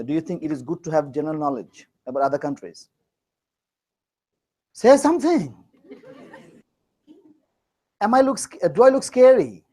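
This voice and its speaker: A man's voice: on the high side, darkish tone, rough recording. A man from Bangladesh teaching a class, teasing and joking as he quizzes his students. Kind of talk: classroom lecture.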